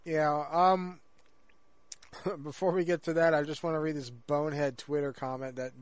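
A man's voice: a little high, fairly even intonation, normal speed, no room sound. Rambling podcast man, dry close sound. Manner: rambling, many fillers and restarts. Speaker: podcast co-host. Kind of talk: casual chat.

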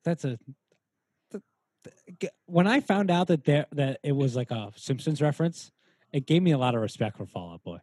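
Husky man from Rhode Island, lively co-host banter on a dry video call. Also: fairly high pitch, moderate pace, no room sound. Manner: chatty and joking, lots of fillers. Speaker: podcast co-host. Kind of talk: casual podcast chat over a video call.

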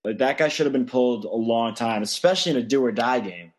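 A man's voice: medium pitch, brisk. A man co-hosting a casual sports podcast, giving opinionated, matter-of-fact takes. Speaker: podcast co-host.

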